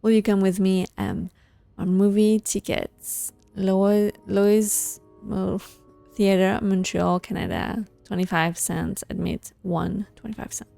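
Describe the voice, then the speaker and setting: A woman's voice: medium pitch, steady tone, slow pace, creaky, mellow, soft background music. A woman hosting a gaming video, chatting casually as she plays and thinking aloud with small laughs and hesitations. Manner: muses aloud while playing, with frequent small laughs and hesitations. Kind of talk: casual let's-play commentary, reading game letters aloud.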